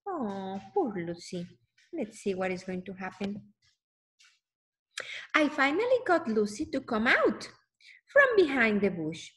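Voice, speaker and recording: A woman's voice: mid-range voice, very animated, unhurried, pauses often, a bit bright. A woman reading a picture book aloud to children, exclaiming often and stopping to ask the listener questions.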